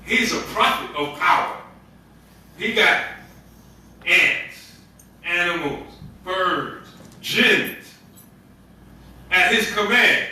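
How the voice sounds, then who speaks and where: A man's voice: high-pitched, animated, drawn-out words, long pauses, bright, forceful tone, heavy reverb, recorded from a distance, poor audio. A man giving a Ramadan sermon as an imam, telling stories in a conversational way with street slang.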